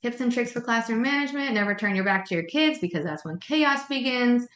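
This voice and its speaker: A woman's voice: fairly high pitch, lively intonation, a little fast, a bit bright, dull audio. A woman leading a childcare staff meeting, giving direct, practical tips on classroom management. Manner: direct, practical, coaching tone with quoted classroom lines. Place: meeting room. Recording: echoey meeting room.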